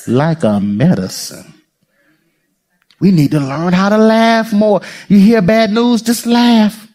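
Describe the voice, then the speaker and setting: A man preaching a sermon as pastor, playful and lively, laughing often and talking straight to the congregation. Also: sits high, slow.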